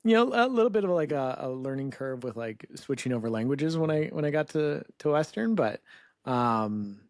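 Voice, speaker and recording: A man's voice: mid-range voice, moderate pace, no echo. Canadian guy in his 30s on a podcast, rambly and loose, dry close sound. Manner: relaxed, rambling, lots of "like" and "you know". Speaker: podcast guest. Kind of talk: casual interview chat.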